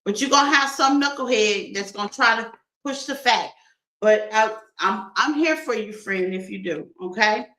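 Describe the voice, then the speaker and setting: A woman's voice: mid-range voice, normal speed, a bit bright, roomy sound, low-quality recording. A woman doing a casual tarot reading for her viewers, playful and laughing often as she talks to them like friends. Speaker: tarot reader.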